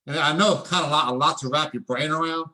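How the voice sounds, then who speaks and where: Guy hyping up a live stream, bright pushy voice, preachy, keeps asking the crowd to answer. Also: fairly high pitch, fast talker. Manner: excitable, preachy, calls for audience responses. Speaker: presenter. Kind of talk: online sales presentation.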